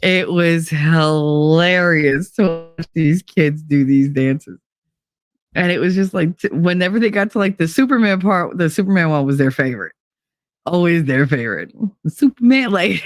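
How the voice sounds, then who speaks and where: A middle-aged woman hosts a casual livestream and talks straight to her viewers. She tells blunt, profane stories and jumps up into mocking voices for quotes. Her voice sits low, and the sound is dry and close. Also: expressive, moderate pace, dry recording. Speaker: livestream host chatting with viewers.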